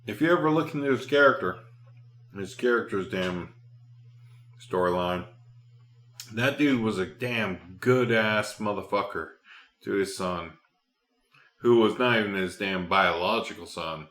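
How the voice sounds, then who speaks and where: A man's voice: sits low, fairly bright tone, reverberant. A man hosting a podcast, rambling casually with lots of profanity. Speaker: podcast host.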